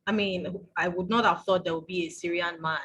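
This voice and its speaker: Husky-voiced woman hosting a book chat. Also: fairly low pitch, steady tone, fairly quick, a bit bright, low-quality recording. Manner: chatty, laughing easily, with fillers. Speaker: book club host. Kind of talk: casual conversation.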